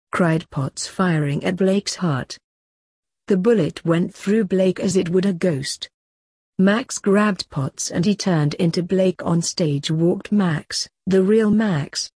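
A woman reads a story aloud in a brisk, matter-of-fact manner. Her voice sits low, mellow and a little husky, recorded close and dry. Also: no room sound. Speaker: narrator. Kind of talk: storybook reading.

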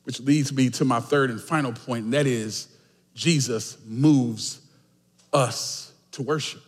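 A man preaching a sermon as pastor, swinging emphatically between shouted lines and quiet asides. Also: medium pitch, steady tone, takes it slowly. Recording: echoey church hall.

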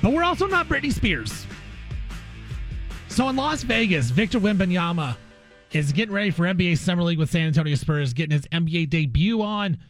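Animated, joking male sports radio host. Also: sits high, fairly quick, no room sound, faint music behind. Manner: animated, jokey storytelling. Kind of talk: casual sports radio chat.

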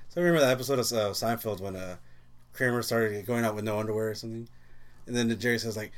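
Fast-talking man in casual chat. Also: lowish voice. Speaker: podcast guest.

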